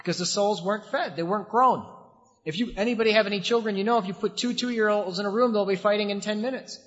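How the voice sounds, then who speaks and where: High-voiced man preaching in a reverberant hall. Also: quick pace, a bit bright. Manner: rhetorical questions, repetition, varied emphasis. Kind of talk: sermon. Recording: dull sound with long hall reverb.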